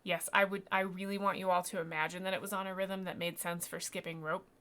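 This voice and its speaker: A woman's voice: lowish voice, little pitch movement, fast, a bit bright. A woman narrating as game master of a tabletop game, rambling and self-deprecating, with many fillers and restarts.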